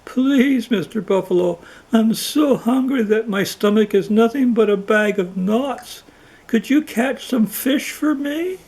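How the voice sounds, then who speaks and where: A man voicing a starving, proud male lion king who begs in a high, whiny voice for a cartoon folktale. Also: expressive, a little slow, a little mellow, poor audio. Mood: pleading.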